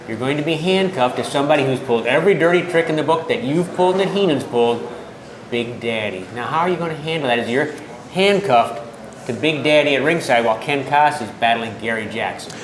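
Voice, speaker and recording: A man interviewing wrestlers for a wrestling TV show, asking measured questions. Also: mid-range voice, a crowd in the background. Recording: echoey room.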